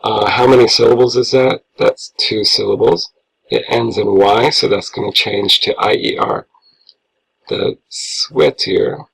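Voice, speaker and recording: A man's voice: lowish voice, steady tone, moderate pace, creaky, a bit bright, breathy edge, low-quality recording. A man teaching a grammar lesson, patiently walking through worksheet answers step by step as he marks corrections. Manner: patient, explains step by step, talks through his writing. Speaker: English teacher.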